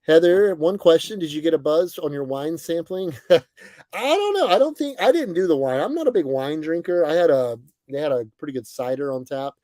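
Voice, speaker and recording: A young man hosting a casual livestream, greeting viewers by name and chatting in a relaxed, friendly way with plenty of fillers. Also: a little high, brisk, few pauses, no room sound. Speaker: livestream host. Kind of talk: casual chat reading viewer comments. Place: bus, indoors.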